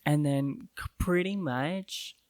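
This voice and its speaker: A woman's voice: sits low, takes it slowly, a little mellow, dry recording. A young woman co-hosting a podcast in casual chat, throwing in dry, teasing remarks. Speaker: podcast co-host.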